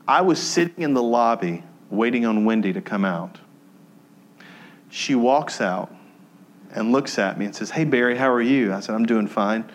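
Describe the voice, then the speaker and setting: Pastor preaching a storytelling sermon. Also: male voice, expressive, moderate pace, pauses often. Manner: storytelling, drops soft and low when moved, then lifts to emphatic teaching.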